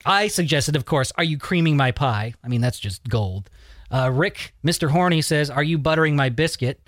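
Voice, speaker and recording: Brief: male podcast host, relaxed and joking, a touch high-pitched, dead-dry booth sound. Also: moderate pace, no echo. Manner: loose, joking, swears casually. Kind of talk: casual podcast chat.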